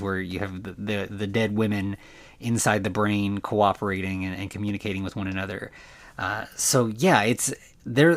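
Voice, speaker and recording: Rambling man recapping a movie. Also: medium pitch. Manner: rambling, many fillers. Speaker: podcast host.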